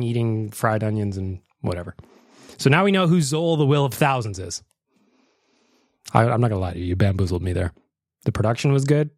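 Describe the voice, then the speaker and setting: Male podcast host, mid voice, dry close mic, animated and jokey. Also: mid-range voice, no room sound. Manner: animated, swearing, mock outrage. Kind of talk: casual podcast chat.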